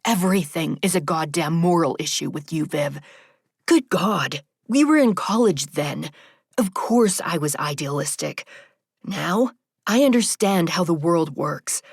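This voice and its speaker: A woman voicing an ambitious male politician, arguing in a hushed, tense way. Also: fairly low pitch, breathy edge, no room sound, studio quality, exaggerated voice.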